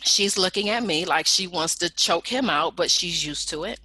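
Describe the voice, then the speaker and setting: A woman telling a personal story in a lively storytelling manner, acting out the people in it with raised voices. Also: fairly low pitch, normal speed, few pauses, dry recording. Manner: animated, acts out quoted people in raised voices.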